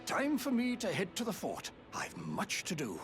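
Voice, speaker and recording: A pompous courtly noble lord. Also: male voice, high voice, huge pitch swings, normal speed, fairly bright tone, soft background music, full character voice. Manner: formal, grandiose old-fashioned speech. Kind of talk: video game character dialogue.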